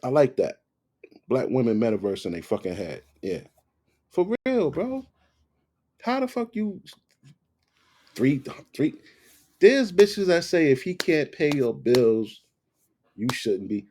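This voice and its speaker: A man hosting a reaction video, giving loud, profane, mocking commentary. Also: medium pitch, huge pitch swings, takes it slowly, long pauses.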